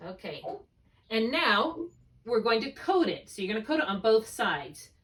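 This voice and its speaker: A woman's voice: on the high side, very animated, moderate pace, distant mic. Patient woman tutor, a little off-mic. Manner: patient, guides step by step, checks understanding often. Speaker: reading tutor. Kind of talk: one-on-one spelling lesson.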